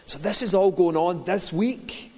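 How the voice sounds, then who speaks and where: A man's voice: high-pitched, a little slow, a little mellow. A man, a pastor telling a personal story in a sermon with a conversational manner. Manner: conversational, builds to passionate preaching. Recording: long hall reverb.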